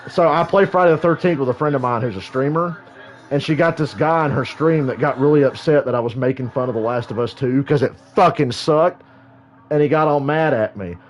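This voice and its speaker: A man streaming a live football reaction, loud, profane and animated. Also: mid-range voice, a little fast.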